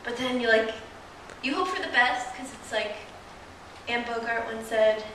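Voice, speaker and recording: Picked up by a distant mic in a roomy space with faint ambience, a young comedian does stand-up for an audience at a small live venue. She's chatty and pokes fun at herself, laughing at her own jokes, with a fairly high pitch at a moderate pace over a noisy background.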